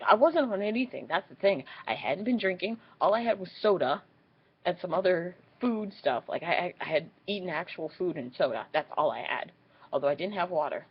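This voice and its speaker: A young woman telling a story in a casual vlog, swearing freely and acting out what people said in squeaky high voices. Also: breathy edge, lo-fi sound. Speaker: vlogger.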